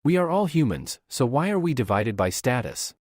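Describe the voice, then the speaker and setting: A man voicing a defiant young male low-born hero in a recap story, angry and challenging. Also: sing-song, moderate pace, a little mellow, dry recording, clean studio sound.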